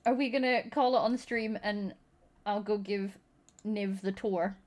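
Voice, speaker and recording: A woman's voice: mid-range voice, fairly even intonation, a little slow, a little mellow. A woman hosting a stream, chatting casually and teasing her guests. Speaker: streamer host. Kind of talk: casual chat.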